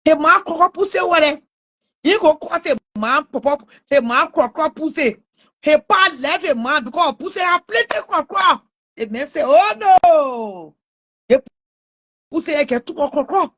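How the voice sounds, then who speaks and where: Liberian woman, high voice, mocking vlog rant with scornful laughs. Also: lively intonation, moderate pace, sharp tone. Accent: Liberian English. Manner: mocking, scolding, with frequent laughs. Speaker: online commentator. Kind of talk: taunting live rant.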